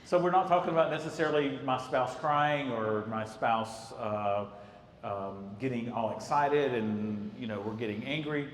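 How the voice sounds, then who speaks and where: A man's voice: mid-range voice, steady tone, a little slow, slight background noise. Man teaching couples in an echoey hall. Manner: conversational, tells anecdotes, acts out quotes. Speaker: marriage counselor. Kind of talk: church talk on marriage. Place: church hall. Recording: echoey hall, faint ambience.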